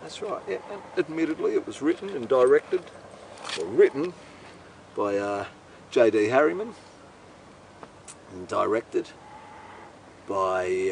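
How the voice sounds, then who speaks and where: A man's voice: lowish voice, sing-song, slow, vocal fry, pauses often, distant mic, a little hiss or hum, rough recording. A man with an Australian accent telling a meandering, profane, incredulous comic story. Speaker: host. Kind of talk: rambling comic monologue.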